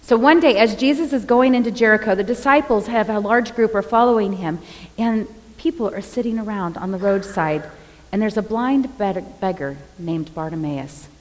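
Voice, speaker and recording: Female preacher, mid-pitched, expressive storyteller; long hall reverb on the voice. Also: normal speed. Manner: expressive, dramatic retelling of scripture. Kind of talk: sermon.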